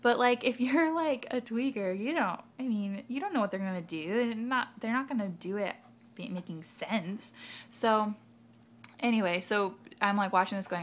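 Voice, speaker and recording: A woman's voice: medium pitch, animated, moderate pace. A young adult woman vlogger telling a rambling story in a casual way, full of fillers and asides.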